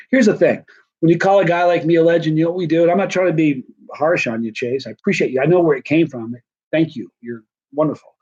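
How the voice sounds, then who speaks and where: A middle-aged man talks to his live-stream viewers in a loose, rambling way, tired yet still wired. His voice sits at an ordinary middle pitch. The audio comes through a little dull and lo-fi. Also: a little mellow, slightly rough. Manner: rambling, chatty, self-deprecating. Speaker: vlogger answering live chat. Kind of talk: casual live-stream chat.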